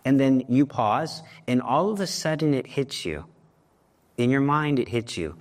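Man preaching, earnest, mid-pitched voice, builds to emphatic peaks. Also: expressive, measured pace, a little mellow. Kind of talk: sermon on prayer.

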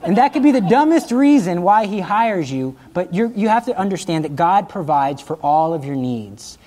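A middle-aged man giving a lively religious talk, telling stories and laughing at his own jokes. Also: high-pitched, normal speed. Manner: animated storytelling, acting out quotes, laughing at his own jokes.

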